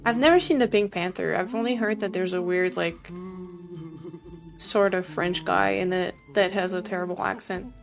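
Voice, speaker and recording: A woman's voice: on the low side, normal speed, creaky, faint music behind. Sleepy, chatty young woman streamer. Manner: chatty, rambling, reads chat aloud. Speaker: game streamer. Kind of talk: casual live-stream chat.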